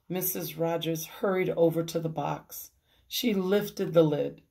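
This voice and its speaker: A woman pastor reading a picture book aloud for children's storytime, adding animated asides. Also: low-pitched, a little slow, creaky. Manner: animated, chuckling asides to young listeners.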